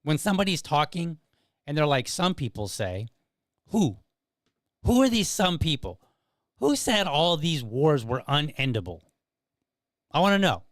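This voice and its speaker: A man hosting his own political podcast, talking in an animated, rambling way with lots of restarts and emphatic asides. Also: fairly high pitch, moderate pace, pauses often, no room sound, studio quality. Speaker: podcast host. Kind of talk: casual political commentary.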